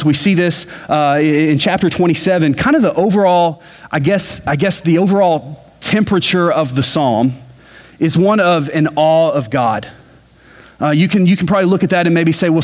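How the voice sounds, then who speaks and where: A middle-aged man, a pastor, preaching a sermon in a conversational way, often repeating words and adding folksy asides. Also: a little high. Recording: long hall reverb.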